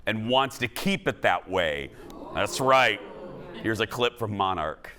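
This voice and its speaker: A man hosting a daytime TV talk show, chatty and animated with self-deprecating asides. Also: fairly low pitch, slow, music in the background. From family from the American South. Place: TV studio with live audience.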